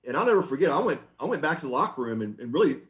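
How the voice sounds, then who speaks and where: A middle-aged man, a former baseball pitcher, telling stories on a podcast in a relaxed, chatty way. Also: racing. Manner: relaxed, anecdotal, frequent restarts and laughs. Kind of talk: conversational storytelling.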